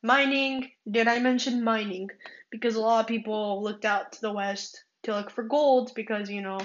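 A woman's voice: on the high side, a bit bright, reverberant, muffled recording. A woman from California hosting a casual solo podcast, rambling with many fillers and restarts. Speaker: podcast host.

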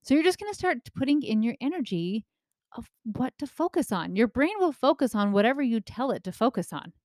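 A woman in her thirties giving casual parenting advice, lively and acting out the remarks she quotes. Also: a little high, brisk, no room sound, clean studio sound. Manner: animated, acts out quoted remarks, often asks "right?".

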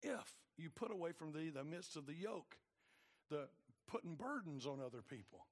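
A male preacher with a gravelly, rather high voice that leaps up and down as he preaches. His delivery is colloquial and emphatic, swinging from soft asides to loud exhortation. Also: lively intonation, normal speed. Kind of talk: sermon.

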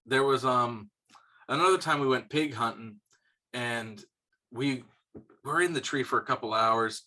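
A young man co-hosting a podcast, casually telling hunting stories, swearing freely and getting animated when he quotes people. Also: medium pitch, a little slow. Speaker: podcast co-host. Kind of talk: casual storytelling chat.

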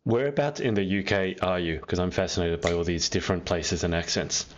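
Low-voiced man hosting a live interview. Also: a little fast, highs cut off, a little hiss or hum. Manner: reads viewer comments aloud, friendly prompting. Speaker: host.

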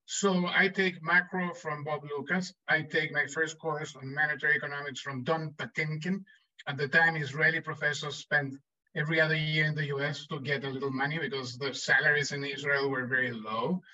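A man's voice: fairly high pitch, a little fast. Man telling stories, distant dull audio. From Chile. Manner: animated anecdotes with frequent fillers and restarts. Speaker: guest economist. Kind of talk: storytelling in a podcast interview.

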